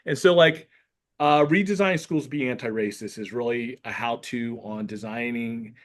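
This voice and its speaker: A man's voice: mid-range voice, normal speed. A man who works as a school counselor and author, talking through his ideas earnestly and thoughtfully as a podcast guest. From Pennsylvania. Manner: earnest, thoughtful, many "like" fillers. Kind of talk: casual conversation, reading from his book.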